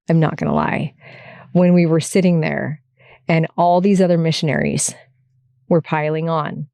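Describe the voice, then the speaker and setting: A middle-aged woman speaks in a candid, chatty monologue, laughing lightly and correcting herself as she goes. Her voice sits a little low. The sound is dry and close, recorded in a parked car. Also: a little mellow, dry recording. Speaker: podcast host. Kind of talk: emotional personal monologue.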